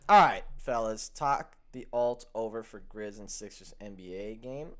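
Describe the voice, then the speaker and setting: Jokey guy hosting a sports betting show, pitch jumping all over, rattles off stats. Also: expressive, a bit bright. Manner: upbeat, jokey, reads stat lines quickly. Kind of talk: casual sports betting chat.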